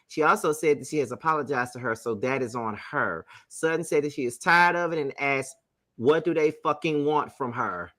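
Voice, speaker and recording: A man's voice: mid-range voice, pushed and bright, no echo. A man co-hosting a casual recap chat, reading out episode notes with laughs in between. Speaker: podcast co-host.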